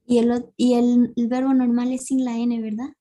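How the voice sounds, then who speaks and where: A woman's voice: a little high, level tone, a little fast, warm tone, rough recording. A woman whose first language is Spanish, practicing as a student in an English lesson, hesitant and repeating phrases.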